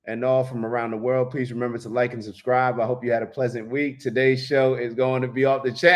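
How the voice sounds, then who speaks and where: A man hosting a casual livestream, lively and full of shout-outs to viewers, talking into a handheld mic. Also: mid-range voice, fairly quick, hardly any pauses. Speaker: host.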